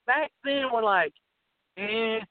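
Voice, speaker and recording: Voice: medium pitch, animated, unhurried, no room sound. A podcast co-host talking about old films in a blunt, joking way, swearing often. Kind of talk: casual film chat. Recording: thin phone-like audio, dry.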